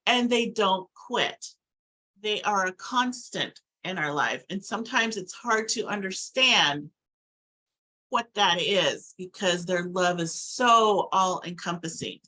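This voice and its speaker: Woman, bright voice, rambling casual spiritual vlogger who acts out quoted asides. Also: medium pitch, animated, slow, rough recording. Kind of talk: casual spiritual talk to camera.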